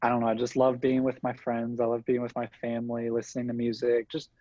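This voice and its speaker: A young man from Kentucky chats with a bubbly, laughing ease, a Kentucky accent in his voice. The sound is dull and lo-fi, a video call with no room echo. His pitch sits mid-range for a man. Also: completely flat delivery, quick pace, mellow. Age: young adult. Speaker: guest, TikTok creator. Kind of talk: casual chat over video call.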